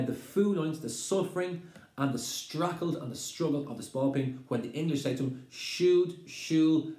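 A man's voice: medium pitch, mellow. A man with an Irish accent teaching a lesson on a poem, switching between Irish phrases and English explanations. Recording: roomy echo.

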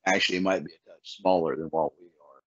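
A man's voice: low voice, fairly even intonation, dry recording. A man hosting a podcast, telling stories in a laid-back, folksy way. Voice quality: laid-back, folksy storytelling with drawn-out words. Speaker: podcast host. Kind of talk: casual podcast chat. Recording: dull, dry lo-fi audio.

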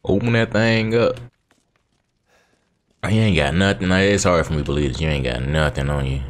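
A man hosting his gaming channel, chatting casually over his gameplay with relaxed, slangy banter and talking back at the game. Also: low voice, normal speed.

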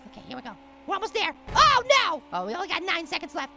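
A super high squeaky little apple dude, gravelly edge, hyper and yelling at his game. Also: wildly swooping pitch, fast, heavy background noise, full character voice. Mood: excitable. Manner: hyper, exclaiming, talks to viewers. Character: tiny excitable male apple gamer. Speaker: let's play host. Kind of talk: let's play commentary.

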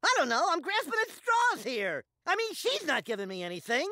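A cocky, wisecracking cartoon rooster. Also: male voice, very high voice, wildly swooping pitch, brisk, exaggerated voice. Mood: sulky. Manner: wisecracking and loud. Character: brash young rooster movie star, cocky and lazy. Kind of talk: cartoon voice acting.

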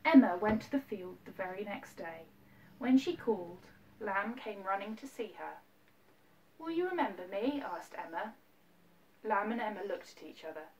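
A woman teacher reads a picture book aloud to her class, gentle and expressive, with small asides to the children. She films herself at home, and the camera sits a little far off, with a faint noise underneath. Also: mid-range voice, moderate pace. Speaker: primary school teacher. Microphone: self-filmed camera. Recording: distant mic, faint background noise.

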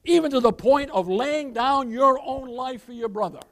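Male pastor, high voice, emphatic sermon delivery, keeps asking for amens. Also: moderate pace. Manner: addresses listeners as "beloved", keeps asking for amens; emphatic preaching with scripture quotes.

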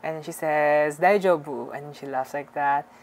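A young man from the Philippines, excitedly narrating his fan video call in a chatty, gushing way. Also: on the high side, moderate pace, a little hiss or hum. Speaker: fan vlogger.

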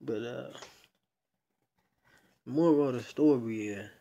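A man's voice: medium pitch, slow pace, vocal fry, mellow, lo-fi sound. A young man casually retelling a story in a rambling, slangy way, cursing freely. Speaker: video blogger.

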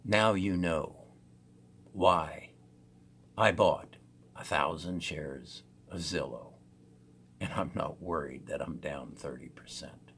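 A man's voice: very deep voice, slow, pauses often, fairly bright tone, a little hiss or hum. An older man giving a promotional talk to viewers, emphatic and salesy, speaking straight to them. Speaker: real estate agent and investor.

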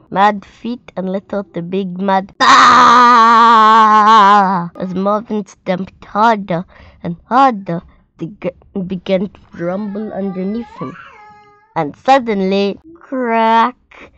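A woman reading a picture book aloud to children in a clear storytime manner. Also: mid-range voice, highs cut off.

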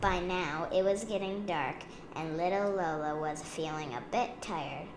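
Slow, gentle woman reading a storybook. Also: on the low side, roomy sound, noisy background. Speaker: storybook reader. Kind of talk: children's storybook read-aloud. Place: home room beside a window.

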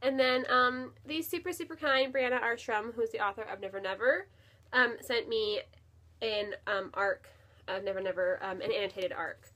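A woman's voice: fairly high pitch, fairly even intonation, moderate pace, pushed and bright. A woman talking casually and enthusiastically at home, with lots of fillers and repeated words. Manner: chatty and enthusiastic, with many fillers and repeated "really". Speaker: book vlogger. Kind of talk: casual chat. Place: home, near her bookshelf.

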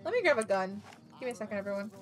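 A woman streaming a video game, chatting excitably, laughing often and swearing casually. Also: medium pitch, rapid-fire, over music. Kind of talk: casual gameplay commentary.

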